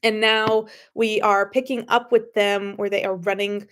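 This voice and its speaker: The author of the story, a woman with a medium-pitched, level, slightly bright voice, speaks a little slowly as she gives a chatty summary full of fillers and restarts before reading the story aloud. She's slightly sniffly and not a professional narrator, and the tone is that of a casual introduction and reading.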